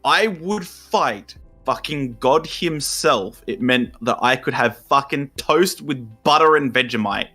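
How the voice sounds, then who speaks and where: A man's voice: medium pitch, expressive, measured pace, pushed and bright, breathy edge, soft background music. A young Australian man co-hosting a podcast, ranting and explaining at length, with plenty of swearing. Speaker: podcast co-host. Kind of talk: casual chat.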